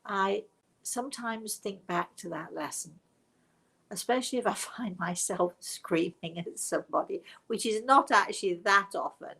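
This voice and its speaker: A woman's voice: medium pitch, normal speed, vocal fry, husky, low-quality recording. A British woman, a spiritual medium, telling stories to a livestream audience in a reflective, self-mocking way. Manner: reflective and warm storytelling, with self-mocking laughs. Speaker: spiritual medium hosting a live show.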